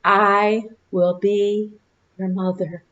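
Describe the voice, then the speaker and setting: A woman minister voicing a calm, compassionate grieving mother, slow and soft, in a muffled recording. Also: medium pitch. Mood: tender.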